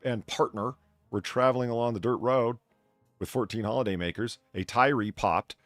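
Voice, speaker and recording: A man's voice: mid-range voice, moderate pace, no echo, faint music behind. A man hosting a casual podcast, reading news aloud with swearing and stumbling restarts. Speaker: podcast host.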